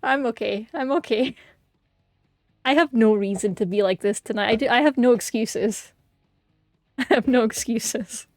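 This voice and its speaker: A woman's voice: fairly high pitch, measured pace, long pauses, no echo, studio quality, faint music behind. Giggly woman streamer. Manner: giggly, rambling, playful. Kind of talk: casual gaming stream chat.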